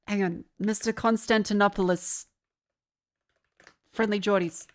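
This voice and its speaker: A woman's voice: medium pitch, normal speed, pauses often. Sweary, casual woman streamer. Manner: casual and sweary, laughs often. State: sinus infection.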